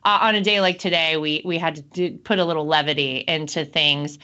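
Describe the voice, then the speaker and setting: A woman's voice: sits low, fairly even intonation, brisk, pushed and bright, muffled recording. A woman hosting a casual chat show, talking in an upbeat, chatty way. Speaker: host.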